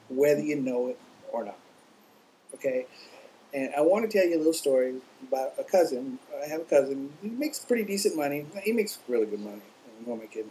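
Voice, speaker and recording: Chatty man with a higher voice. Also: a little mellow, slight background noise, poor audio. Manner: chatty storyteller, uses fillers and asides. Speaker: vlogger on internet marketing. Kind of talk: casual talk to camera. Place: at home.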